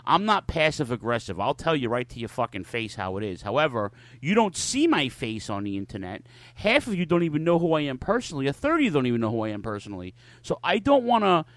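A man's voice: a little high, sing-song, fast, dry recording. A man in his forties hosting a podcast, telling loose stories in casual chat and swearing constantly. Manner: profane, loose storytelling with lots of cursing. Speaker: podcast host.

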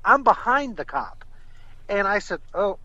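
A man from South Florida calling in to a talk show, telling stories in a halting, rambling way. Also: high-pitched, very animated, pushed and bright, no room sound. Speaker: caller. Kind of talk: casual chat. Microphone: phone call. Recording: dull, dry phone-in line.

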